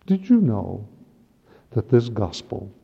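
A man's voice: lowish voice, very animated, slow pace, vocal fry, husky. A man preaching a sermon at Mass, impassioned and rising to emphatic peaks. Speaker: priest. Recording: dull lo-fi recording in a long-reverb hall.

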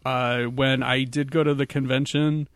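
A man co-hosting a casual movie chat, laid-back and rambling, with hesitant pauses. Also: mid-range voice, flat delivery, no room sound. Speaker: podcast co-host.

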